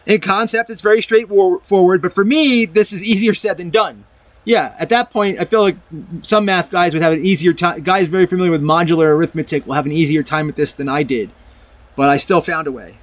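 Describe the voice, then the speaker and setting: A man's voice: high-pitched, a little fast, no echo. A man casually talking viewers through a math proof. He restarts his sentences and mixes reading from a document with loose comments. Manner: rambling, restarts often, reads from a document and comments. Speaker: math video presenter. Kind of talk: casual explanatory math lecture.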